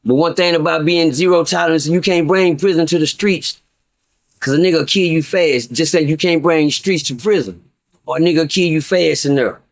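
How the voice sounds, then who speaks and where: A middle-aged guest storyteller tells viewers a story in a casual, profane way, stammering, restarting and repeating himself. His voice sits on the high side, at a moderate pace.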